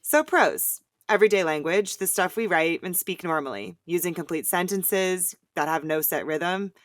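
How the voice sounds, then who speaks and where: A woman hosting a poetry lesson, explaining clearly and chanting the rhythm of verse in an upbeat way. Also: on the low side, normal speed, dry recording, clean studio sound. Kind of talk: scripted educational explanation.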